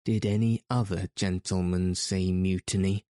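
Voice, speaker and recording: A man's voice: low voice, fairly even intonation, a little slow, mellow, no room sound, clean studio sound. A man voicing a silky, cruel pirate captain. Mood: silky menace. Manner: purring, courteous menace. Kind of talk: audiobook reading.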